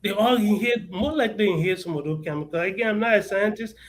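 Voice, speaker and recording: A man's voice: sits high, quick pace, a little hiss or hum, poor audio. A man with a Liberian accent speaking as a guest on a talk show, passionate and emphatic, often repeating words as he searches for them. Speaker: guest advocate. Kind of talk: impassioned talk-show interview.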